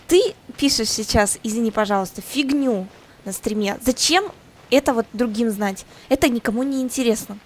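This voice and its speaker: A woman's voice: on the high side, expressive, a little fast, a little hiss or hum. A woman game streamer giving live commentary, ranting irritably at her chat and swearing.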